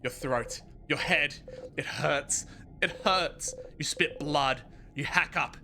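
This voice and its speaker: A streamer playing a story game live, reading its narration aloud with dramatic flair and breaking into loud, excited outbursts. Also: medium pitch, slow pace, slight background noise. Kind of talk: live let's-play commentary, reading game text aloud. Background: game music.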